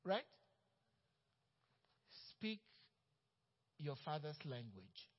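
A man preaching a sermon as pastor, acting out quoted coworkers and swinging from loud, bold lines to hushed ones. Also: on the high side, big pitch swings, extremely slow. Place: church sanctuary. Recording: dull sound with long church reverb.

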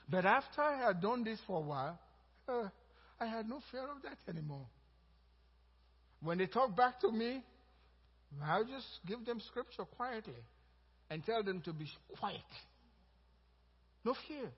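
A male pastor preaching a sermon, lively and chuckling between points, slowing to stress scripture quotes. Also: sits high, slightly rough. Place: church sanctuary. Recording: reverberant hall, dull lo-fi sound.

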